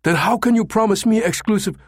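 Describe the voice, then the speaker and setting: A man voicing an impatient, imperious businessman who makes sharp, hissing demands in an audiobook. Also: medium pitch, a little fast, no echo, studio quality, pitched above the performer's own voice, lightly acted. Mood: outraged. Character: middle-aged Japanese businessman, impatient, imperious.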